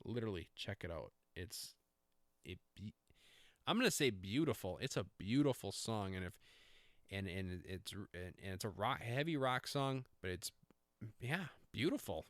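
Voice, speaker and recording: A man's voice: on the low side, expressive, normal speed, fairly bright tone, no room sound, studio quality. A middle-aged man hosting a podcast, talking in a rambling, self-interrupting, jokey way. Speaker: podcast host. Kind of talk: casual rambling monologue.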